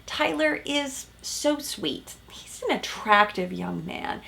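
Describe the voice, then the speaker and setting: A woman therapist hosts a casual reality show recap, animated and emphatic, often tossing in "right?" asides. Her voice is mid-range and gravelly.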